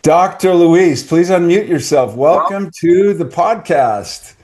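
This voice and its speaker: A man's voice: fairly high pitch, animated, slow pace, darkish tone. A middle-aged man hosting a podcast, chatting casually with an eager, salesy enthusiasm. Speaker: podcast host. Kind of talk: casual online talk.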